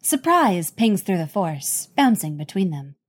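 Slow, expressive woman narrating fan fiction. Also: lowish voice, breathy edge. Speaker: reader, narrator.

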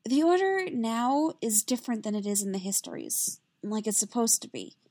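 An earnest young female Jedi apprentice with an anxious edge, read by a woman. She speaks a little higher and quicker when she presses her point. The storybook recording is dry and close. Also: expressive, a little mellow, dry recording.

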